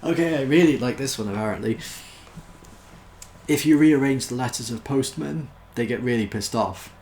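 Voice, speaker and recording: A British man reads dad jokes in a casual, self-mocking way, chuckling between them. His voice has a gravelly fry at mid pitch. The recording is roomy, with a faint hum of ambience behind it. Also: normal speed, darkish tone. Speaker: YouTuber.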